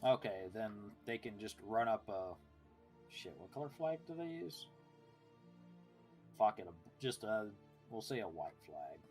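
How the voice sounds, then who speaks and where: A man's voice: fairly low pitch, sing-song, measured pace, pauses often, darkish tone, faint music behind. Casual, swearing male game player. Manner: loose and joking, swears casually. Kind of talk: casual tabletop game chat.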